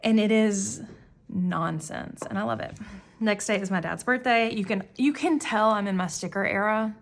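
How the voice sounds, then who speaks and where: A planner vlogger in her thirties chats casually while flipping through her planner, rambling and self-deprecating, with frequent restarts and fillers. Her voice is medium-pitched and she talks at a normal speed.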